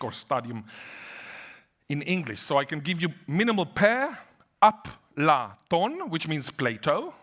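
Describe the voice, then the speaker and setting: A man whose first language is Hebrew, giving an animated academic lecture on linguistics with playful asides. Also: on the high side.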